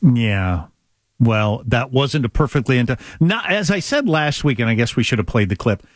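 A man's voice: mid-range voice, animated, normal speed, no room sound. A man hosting a podcast, chatting opinionatedly and mockingly about politics in a rambling way. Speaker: podcast host. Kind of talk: casual political chat.

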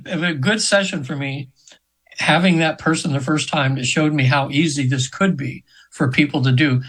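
A man's voice: a little high, fairly bright tone, low-quality recording. A man in his seventies, a hypnotherapist telling a story as a guest in an interview, earnest and rambling with many restarts. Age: 70s.

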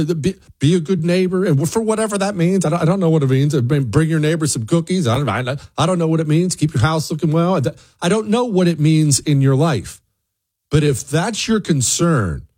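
A man's voice: a little high, darkish tone. A man hosting an opinion monologue, preachy and emphatic, often restarting his words. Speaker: commentary host.

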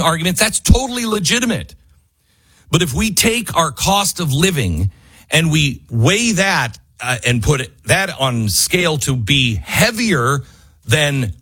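A man hosting a talk radio show, delivering a fiery political monologue and quick ad reads. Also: on the high side, sing-song, breathy edge, no room sound. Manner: fiery, rising to near-yelling, then quick ad reads.

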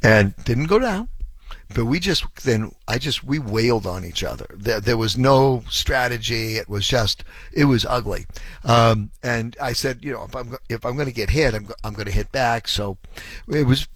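A man's voice: medium pitch, expressive, moderate pace, fairly bright tone, dry recording. A man in his sixties hosting a call-in radio show, telling a long anecdote in a rambling way, full of ums and chuckles. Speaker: radio talk show host.

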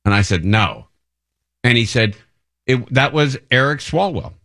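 A man's voice: medium pitch, measured pace. Rambling chatty male radio host. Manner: relaxed rambling storyteller with restarts. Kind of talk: casual chat.

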